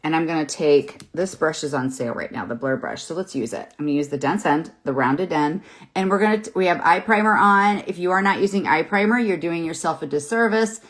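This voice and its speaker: A woman in her fifties with a low voice talks through her makeup live on camera. She is chatty and encouraging and rambles with fillers. She speaks into a phone or webcam from her home. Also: fairly quick. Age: 50s. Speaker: makeup seller and host. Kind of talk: live makeup tutorial, casual chat. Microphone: phone or webcam in front of her.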